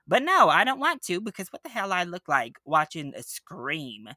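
A man's voice: high-pitched, very animated, moderate pace, few pauses, bright, forceful tone, no room sound, studio quality. A man co-hosting a casual movie podcast, reading box office numbers and ranting with profanity. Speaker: podcast co-host. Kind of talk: casual chat.

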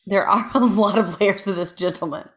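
A woman's voice: mid-range voice, moderate pace. A woman co-hosting a podcast, casually telling a true crime story with lots of asides. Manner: chatty, lots of ums and asides, reads from notes. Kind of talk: casual chat.

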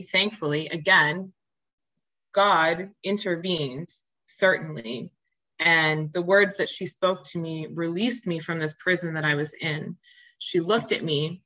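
A woman guest on a podcast tells her own story in a candid, earnest way, often restarting her sentences and filling pauses. Her voice sits a little low and comes across bright and forceful. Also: poor audio. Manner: open, earnest, frequent fillers and restarts. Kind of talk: candid personal storytelling in interview.

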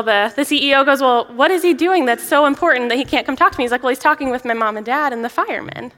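A young woman, a children's ministry director, preaching a sermon in a church, chatty and lively, often laughing as she tells a story. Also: on the high side. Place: church sanctuary. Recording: long reverb of a large hall.

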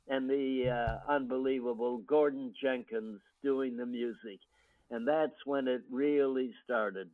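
An older man from the United States recalls his past at a slow, easy pace. His speech is full of ums and restarts. The audio is thin and tinny, like a phone line. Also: medium pitch. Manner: unhurried storytelling with frequent ums and restarts. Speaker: guest actor. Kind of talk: reminiscing interview.

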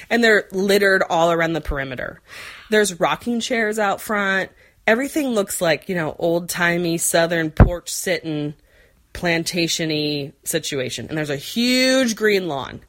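A woman in her forties tells a long, rambling story in a casual chat, with lots of fillers and quick laughs. Her voice sits a bit low for a woman. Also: a bit bright. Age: 40s. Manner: rambling, chatty, many fillers, frequent laughs.

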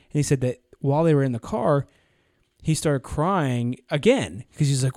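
A man's voice: mid-range voice, moderate pace, dark tone, no echo, studio quality. A young man co-hosting a casual podcast, rambling through a story and acting out the people in it. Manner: rambling, acts out quoted people in anecdotes. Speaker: podcast co-host.

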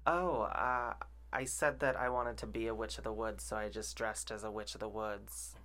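Lowish man giving supportive replies. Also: steady tone, a bit bright. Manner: supportive, quick short agreements. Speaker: podcast co-host. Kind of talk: casual podcast chat.

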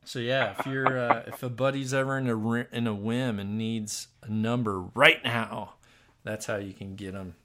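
A podcast host telling a funny story in casual chat, laughing often and acting out what others said. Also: male voice, medium pitch, normal speed, very noisy. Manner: animated storyteller, laughs often, acts out quotes.

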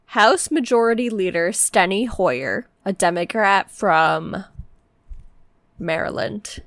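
A woman's voice: medium pitch, lively intonation, takes it slowly, a bit bright, no room sound. A woman co-hosting a podcast, reading out the news in a chatty, sleepy, apologetic way. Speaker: podcast co-host. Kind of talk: casual chat.

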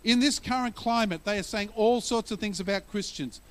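Man, pastor, sermon, conversational, storytelling, humorous, high voice. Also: brisk. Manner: conversational, illustrates scripture with stories and humor.

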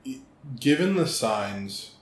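A man's voice: mid-range voice, takes it slowly. Easygoing man podcaster in an echoey room. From United States. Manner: relaxed, lots of um and mm-hmm. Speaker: podcast co-host. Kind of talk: casual chat. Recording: echoey room with faint noise.

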